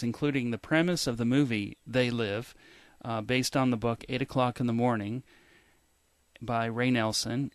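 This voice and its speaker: A man's voice: medium pitch, no echo. Dry-voiced male radio host. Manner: reads prepared questions, brief affirmations. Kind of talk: radio interview.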